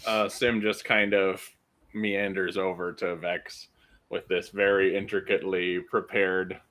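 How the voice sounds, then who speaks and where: Male player, lowish pitch, very slow and hesitant delivery. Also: little pitch movement, sharp tone. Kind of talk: tabletop role-play chat.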